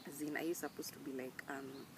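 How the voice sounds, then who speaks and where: Her pitch is extremely low and her tone steady as she talks fairly quickly over a noisy background. This young Kenyan woman vlogs casually to camera, earnest and emphatic, and mixes in Swahili slang during her heartfelt talk.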